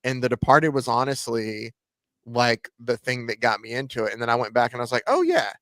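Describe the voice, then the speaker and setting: A man's voice: mid-range voice, level tone, a little fast, a bit bright, no room sound. A man co-hosting a sports talk show, chatting in an easygoing, conversational way. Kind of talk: casual chat.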